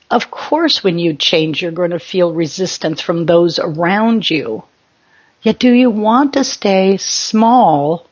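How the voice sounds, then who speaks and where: A woman's voice: medium pitch, dull audio. A woman spiritual teacher giving an emphatic motivational talk in short, exhorting commands.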